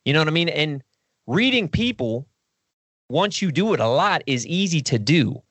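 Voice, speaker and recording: Profane, rambling man with a high voice. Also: moderate pace, no room sound. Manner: rambling, profane, animated with impressions. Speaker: podcast guest. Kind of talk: casual podcast discussion.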